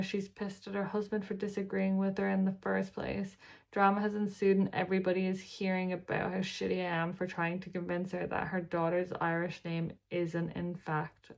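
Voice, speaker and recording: A woman's voice: medium pitch, monotone, normal speed, gravelly, darkish tone. A tired woman hosting a reaction video, reading posts aloud and breaking in with chatty asides and sighs. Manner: chatty, sighing, breaks off to talk to her pet.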